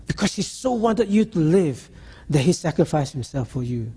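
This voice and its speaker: Earnest man with a husky, mellow voice. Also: on the high side, very animated. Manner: halting, earnest storytelling with restarts. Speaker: preacher. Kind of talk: sermon storytelling.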